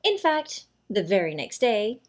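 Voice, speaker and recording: A woman reading a children's story aloud, with slow, animated storybook narration. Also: mid-range voice.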